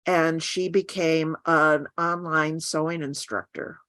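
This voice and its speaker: A woman's voice: low voice, fairly even intonation, slow, a bit bright, no room sound. An older woman, a guest artist, chatting frankly with wry asides. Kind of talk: casual chat.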